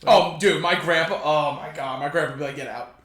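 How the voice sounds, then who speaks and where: A young man, a podcast guest, joking and animated in casual chat. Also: a little high, fairly quick, distant mic. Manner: animated, jokey. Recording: echoey room.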